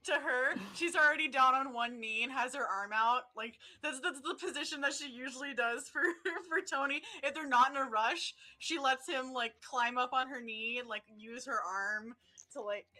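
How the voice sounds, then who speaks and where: Woman tabletop player, giggly, descriptive, high voice, bright tone. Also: normal speed. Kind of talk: casual tabletop play.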